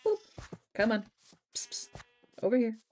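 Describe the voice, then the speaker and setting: A woman's voice: on the high side, sing-song, normal speed, dark tone, a little hiss or hum. A young woman chatting casually while she plays a game on a live stream, telling stories animatedly and swearing now and then.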